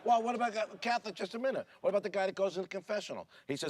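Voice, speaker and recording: A man telling jokes casually, pausing and restarting, and slowing down for the punchlines. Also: sits high, animated, dry recording. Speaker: joke teller.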